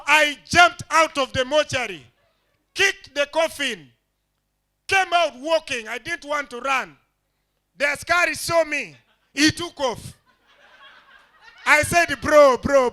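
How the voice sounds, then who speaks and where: A man's voice: extremely high pitch, slow, pauses often, pushed and bright. A man doing stand-up on a live stage, telling a story animatedly and acting out the voices in it. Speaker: stand-up comedian.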